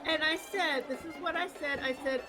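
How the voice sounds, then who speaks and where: A woman with a high, bright voice tells a funny story at her own expense. She is animated and keeps laughing at herself. Music plays clearly behind her. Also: normal speed, rough recording. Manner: animated, self-deprecating, laughs while telling stories. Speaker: podcast co-host. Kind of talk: casual storytelling chat.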